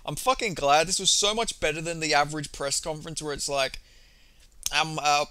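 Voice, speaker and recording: A young man recapping a press conference in a casual, excitable monologue, swearing freely and rambling through lots of fillers. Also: fairly high pitch, normal speed, clear, resonant tone, dry recording. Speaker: MMA commentary vlogger.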